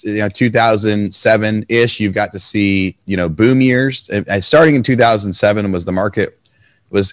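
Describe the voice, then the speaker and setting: A man hosting an interview podcast, slightly hoarse, asking enthusiastic, rapid questions. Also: fairly low pitch, no room sound. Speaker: podcast host. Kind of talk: conversational interview.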